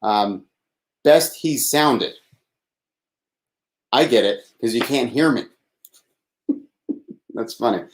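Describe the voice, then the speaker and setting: Speaking a little slowly with long pauses, a man with a fairly low-pitched voice hosts a live call-in show on his own at his desk. His thin, slightly whiny voice wanders through self-deprecating remarks, sighs and swearing. The sound comes from a desk microphone without any processing.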